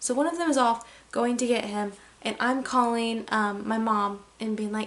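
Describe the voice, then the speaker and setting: A young woman with a slightly high voice recounts a story for her vlog. She talks casually and animatedly, peppering every sentence with "like" and leaning into the drama. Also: fairly even intonation, normal speed, few pauses, slight background noise. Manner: chatty, heavy use of "like". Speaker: vlogger.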